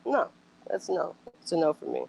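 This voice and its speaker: A woman with a lowish, gravelly voice chats casually at a normal speed, reacting as a commentator. She's blunt and emphatic, swearing often and firing off animated outbursts and rhetorical questions. The recording is low quality, with slight background noise.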